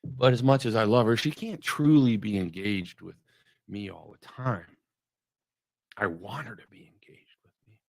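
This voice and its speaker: Middle-aged male devotional host, gravelly, dry close sound, reflective and conversational, trailing off softly. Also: on the low side, measured pace, long pauses, no echo. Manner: musing, conversational, trails off quietly.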